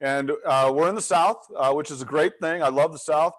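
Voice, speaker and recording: Animated storytelling man, fairly high voice. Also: brisk. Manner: animated storyteller, acts out quotes. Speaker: leadership coach. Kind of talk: webinar storytelling.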